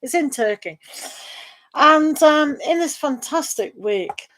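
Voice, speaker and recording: A woman's voice: high voice, expressive, takes it slowly, a bit bright. A middle-aged woman, chatting casually and rambling as she reads tarot on a live stream. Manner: chatty and rambling, with frequent laughs. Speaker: tarot reader.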